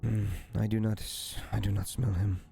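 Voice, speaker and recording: Guy doing a grim grieving hunter out for revenge, slow and grave, low voice. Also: level tone, vocal fry, mellow, soft background music. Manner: grave, measured, sparing with words.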